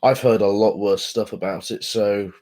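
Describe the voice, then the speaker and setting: A man's voice: lowish voice, fairly even intonation, normal speed, a little mellow. Inquisitive man chatting casually. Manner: inquisitive, trips over words. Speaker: podcast co-host. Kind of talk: casual chat.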